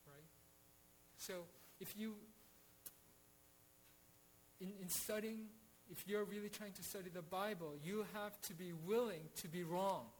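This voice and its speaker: A man's voice: sits high, measured pace, slight background noise, low-quality recording. A man teaching a Bible study in an earnest way, with frequent restarts and rhetorical questions.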